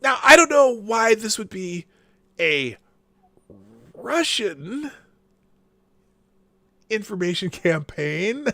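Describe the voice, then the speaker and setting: Lively, bright-voiced sarcastic male stream host. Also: high-pitched, slow pace, long pauses, no echo. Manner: sarcastic, rambling, laughs and reads articles aloud. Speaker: live show host. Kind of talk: casual live-stream commentary.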